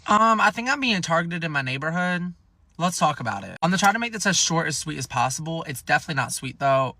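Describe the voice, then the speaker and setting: Fast sassy man telling a storytime. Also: fairly high pitch, lively intonation, sharp tone, no echo. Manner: chatty, sassy, swears, exaggerates. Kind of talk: casual storytime.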